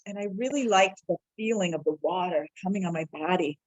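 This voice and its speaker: A woman in her forties, appearing as a podcast guest, shares a personal story in a heartfelt, reflective manner. She acts out dialogue with quick tonal shifts and slows at the key moments; her voice is on the low side and the audio is dull.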